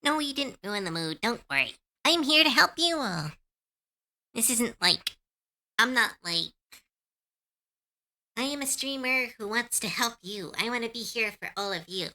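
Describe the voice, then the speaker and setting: A woman's voice: a little high, animated, measured pace, pauses often, bright, forceful tone. A woman streamer chatting casually with her viewers, earnest and comforting, with lots of fillers and easy laughter. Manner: laughs easily when unsure.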